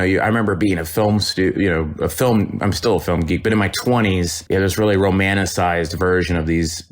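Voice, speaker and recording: A middle-aged actor guest on a podcast, telling animated stories with quick restarts. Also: male voice, low voice. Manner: animated storytelling with restarts and laughs. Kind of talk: podcast interview anecdote.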